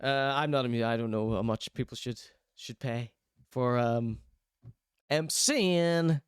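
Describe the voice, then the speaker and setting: A man's voice: medium pitch, measured pace, clean tone, dry recording, studio quality. A young Irish man hosting a live-streamed chat show, reading out chat and teasing viewers in rambling, jokey banter. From Ireland. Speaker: livestream host.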